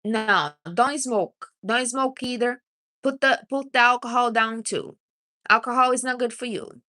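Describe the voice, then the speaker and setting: Bright-voiced woman giving blunt advice. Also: fairly high pitch, steady tone, a little slow. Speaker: livestream host. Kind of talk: casual livestream chat.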